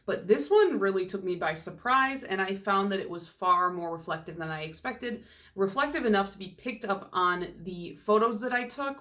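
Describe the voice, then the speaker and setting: A woman's voice: mid-range voice, fairly bright tone. A young woman in a casual, rambling, self-deprecating chat about nail polish as a YouTuber.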